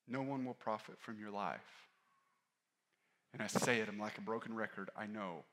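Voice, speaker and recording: A male pastor preaching a sermon in a candid, conversational way, rising to stress points and dropping low and quiet for personal asides. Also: moderate pace. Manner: candid, conversational preaching that rises and falls in force.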